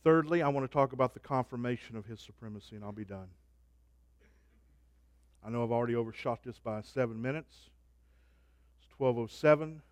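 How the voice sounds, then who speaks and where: A man preaching a sermon, swinging from soft, low asides to loud, rising proclamations. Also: brisk, long pauses, no room sound.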